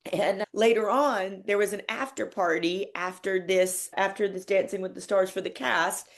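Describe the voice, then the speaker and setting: A woman's voice: mid-range voice, steady tone, normal speed. A woman hosting a podcast, telling a personal story in a heartfelt, teary way. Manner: heartfelt, laughs and tears up while telling. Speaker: podcast host. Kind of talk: emotional storytelling monologue.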